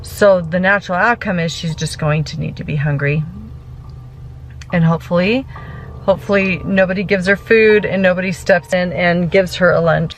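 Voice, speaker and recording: A woman talking to the camera in a home vlog, in a calm, matter-of-fact way. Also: fairly low pitch, normal speed, soft background music. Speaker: family vlogger.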